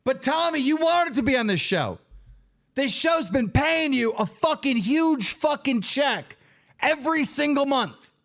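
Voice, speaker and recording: A man hosting a show, ranting angrily with heavy swearing and sudden shouted bursts. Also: very high voice, lively intonation, unhurried. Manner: profane, heated, bursts into shouting. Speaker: show host. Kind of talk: angry livestream rant.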